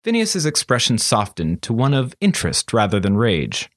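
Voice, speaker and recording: A man narrating a fantasy story as an audiobook, steady and expressive. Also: lowish voice, moderate pace, few pauses, dry recording, studio quality.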